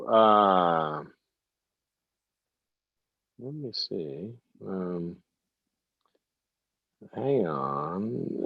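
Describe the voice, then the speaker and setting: Animated male call-in advice host. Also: fairly low pitch, vocal fry, no echo, dull audio. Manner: animated, emphatic, repeats words for stress.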